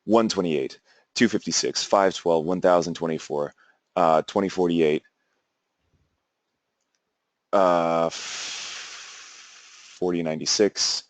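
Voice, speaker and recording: A man's voice: low voice, measured pace, no echo. A young man teaching a class, talking loosely with lots of fillers and restarts. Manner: rambling, many fillers and restarts. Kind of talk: classroom lecture.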